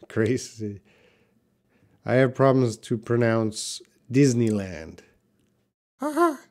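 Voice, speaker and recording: Slow, unhurried male English teacher. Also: medium pitch. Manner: relaxed, drawn-out, models words slowly. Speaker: English teacher hosting a live class. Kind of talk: live-stream lesson, reading chat comments.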